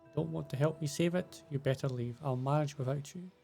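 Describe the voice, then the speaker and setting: A man reading the lines of a fierce young female barbarian warrior aloud from game subtitles, keeping his own gravelly voice. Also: a little high, brisk, dark tone, faint music behind. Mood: cold.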